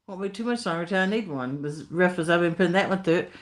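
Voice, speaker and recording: A woman's voice: lowish voice, fast talker. A woman from Tennessee with an Appalachian accent, hosting a casual live stream, reading chat comments in folksy talk and laughing often. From Tennessee, USA. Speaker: livestream host reading chat.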